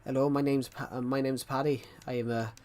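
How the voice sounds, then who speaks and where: A man putting on a halting, hammy Irish accent to play a cheerful Irish miller during casual livestream chat. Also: medium pitch, level tone, a little mellow, lightly acted. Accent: put-on Irish.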